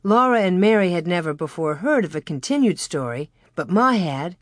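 A woman's voice: fairly low pitch, expressive, normal speed, hardly any pauses, no room sound. Woman narrating a storybook, dry close sound. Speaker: audiobook narrator. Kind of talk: scripted narration.

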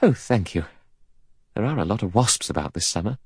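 Brisk, chatty young woman secretary, raised and lively, read by a male narrator. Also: lowish voice, dry recording, studio quality. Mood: brisk, eager. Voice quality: crisp, bright and decisive.

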